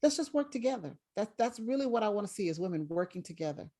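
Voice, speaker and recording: A woman guest on a video call interview, speaking in an earnest, encouraging way and slowing down to stress her points. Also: mid-range voice, expressive, dark tone. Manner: encouraging, earnest, slows down for emphasis. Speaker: guest content creator.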